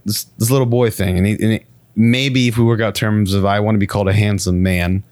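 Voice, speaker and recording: A man's voice: fairly even intonation, fairly quick, a little mellow, no echo, lightly acted. A man in his twenties playing a stammering, defensive young man who argues with a demon inside his head. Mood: negotiating. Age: 20s. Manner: stammering, defensive, gets shrill when upset. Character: flustered 24-year-old man haunted by a demon. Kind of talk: improvised comedy sketch.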